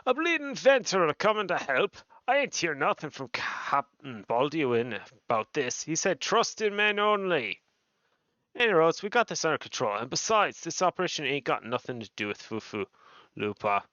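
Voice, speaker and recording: A man voicing a gruff, scornful game soldier who talks in crude, mocking slang. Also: a little high, big pitch swings, moderate pace, bright, forceful tone, no echo, dull audio, voice pushed up.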